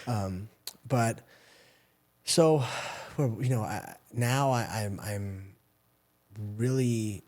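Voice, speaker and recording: A former fighter turned coach in his forties tells candid, profane stories in an interview, sprinkling in quoted asides. His medium-pitched voice is a little mellow, and he draws out his words.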